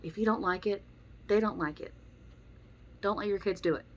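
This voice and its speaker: A young woman who vlogs as a dog trainer gives blunt, opinionated advice about dogs and kids in a casual monologue, acting out the voices she quotes. Her voice is mid-range and moderately paced, and the audio sounds dull.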